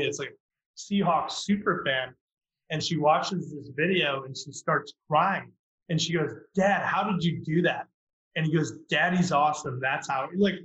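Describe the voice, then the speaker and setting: A man, a startup founder, telling a story on a podcast with lively acted-out quotes. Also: a little high. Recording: roomy, dull lo-fi sound.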